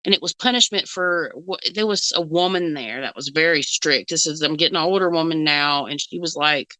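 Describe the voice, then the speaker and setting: A woman's voice: sits low, a little fast, pushed and bright, dry recording, poor audio. A woman co-hosting a casual reaction chat as a psychic, rambling with fillers and frequent giggles. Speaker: psychic co-host.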